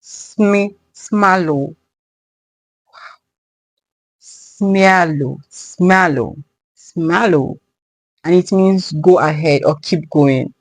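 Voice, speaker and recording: A reaction host giving casual commentary, slowly sounding out unfamiliar words. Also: medium pitch, dry recording, rough recording. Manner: slow, tries out words aloud.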